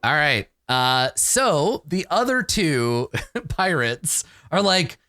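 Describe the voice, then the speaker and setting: A man narrating a tabletop game as dungeon master, lively and often laughing. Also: on the high side, takes it slowly, no echo.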